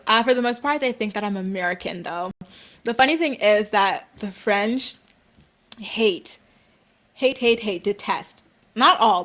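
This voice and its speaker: A woman's voice: mid-range voice, fairly bright tone. A young woman from Canada hosting a casual livestream, chatting upbeat with viewers and peppering her talk with "like" and "girl". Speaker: livestream host. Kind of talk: casual chat reading viewer comments.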